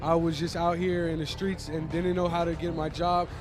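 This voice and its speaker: A man's voice: a little high, little pitch movement, normal speed. A man speaking in a casual, slightly hesitant way about a job program in an interview testimonial. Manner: plain, casual, a little hesitant. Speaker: program participant giving a testimonial. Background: music.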